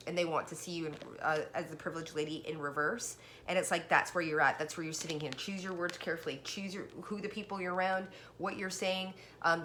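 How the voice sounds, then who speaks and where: A woman giving a casual tarot reading, chatty and excited, talking straight to the viewer and a little out of breath. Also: fairly low pitch, a little hiss or hum. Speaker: tarot card reader.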